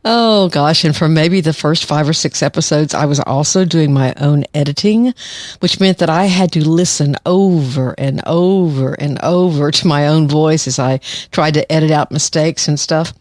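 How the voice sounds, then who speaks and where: A woman's voice: sits low, moderate pace, darkish tone, dry recording, clean studio sound. A woman in her sixties, a psychologist who hosts a podcast, speaking in a chatty monologue with light laughs. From United States. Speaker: podcast host, clinical psychologist.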